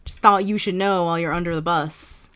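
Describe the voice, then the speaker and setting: A woman's voice: fairly low pitch, steady tone, brisk, sharp tone. A woman co-hosting a casual podcast, often laughing and steering the chat toward an ad read. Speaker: podcast co-host.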